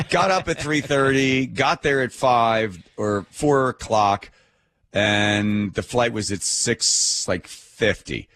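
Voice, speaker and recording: A middle-aged man hosting a talk radio show, telling a story in an animated, indignant rant. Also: medium pitch, slow pace, slight background noise. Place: radio studio.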